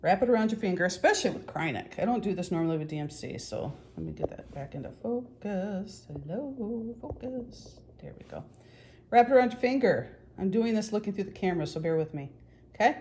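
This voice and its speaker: A woman's voice: lowish voice, lively intonation, quick pace, a little mellow, slightly rough. A middle-aged woman chatting casually and joking about herself as she demonstrates stitching techniques at home. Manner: chatty, joking, self-deprecating. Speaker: cross-stitch vlogger. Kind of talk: casual tutorial chat.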